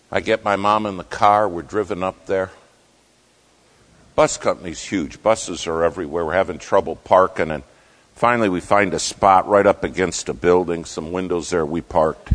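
A man preaching a sermon, telling a story with dramatic swings between loud and hushed. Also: deep voice.

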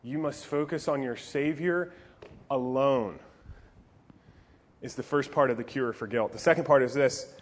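Jokey, animated male youth preacher. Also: medium pitch, a little slow, pauses often. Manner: animated, jokey, playful asides. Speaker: youth pastor. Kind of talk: youth sermon.

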